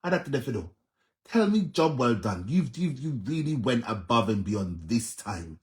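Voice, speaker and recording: Man, Jamaican accent, vlog host, emphatic, repetitive, medium pitch. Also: expressive, brisk. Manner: emphatic, repeats himself, laughs often. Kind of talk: reaction commentary.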